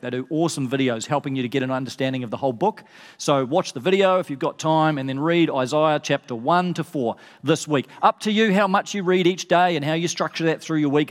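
A man giving a casual, chatty sermon as pastor, full of fillers and restarts. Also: fairly high pitch. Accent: non-American English. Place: church hall. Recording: reverberant church hall.

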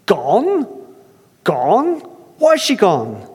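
A man acting out Earthmaker, a fatherly creator god with a put-on Irish brogue. He is brisk and scolding, pushed higher than a normal speaking voice. The sound rings with a long echo from a hall. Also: huge pitch swings, slightly rough, heavily acted.

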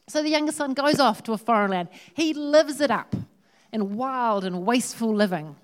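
A woman who preaches a sermon in a lively, humorous, conversational way. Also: fairly high pitch, moderate pace.

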